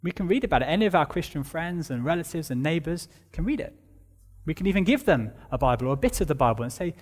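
A man delivers a sermon with a fairly high voice, leaning on key words and repeating phrases to drive his point home. His voice rings out with a long reverb that trails through the church hall. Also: expressive, a little fast. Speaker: preacher.

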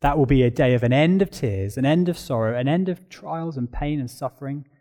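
A man delivers an expository sermon in an animated, medium-pitched voice, speaking a little fast. He's emphatic, ramping up intensity with repeated phrases, then dropping to a quiet, solemn delivery.

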